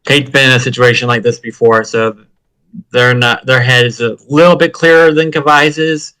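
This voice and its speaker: A man's voice: mid-range voice, fairly even intonation, moderate pace, pushed and bright, smooth, dry recording, rough recording. A man talking as a tabletop game player, describing his character in the third person.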